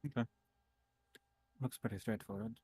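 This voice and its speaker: Gravelly, husky man at a game table. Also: lowish voice, steady tone, normal speed, darkish tone. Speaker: player. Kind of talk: casual game chat.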